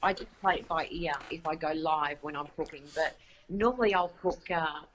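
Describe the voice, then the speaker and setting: A woman with an Australian accent chatting casually as a guest in an interview, easygoing and quick to laugh. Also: sits low, a little hiss or hum, rough recording. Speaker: guest, home cooking show host.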